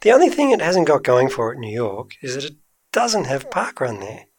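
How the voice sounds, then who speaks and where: A man from Australia co-hosting a podcast in relaxed, playful chat. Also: mid-range voice, normal speed. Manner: playful, jokey. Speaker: podcast co-host. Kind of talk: casual chat.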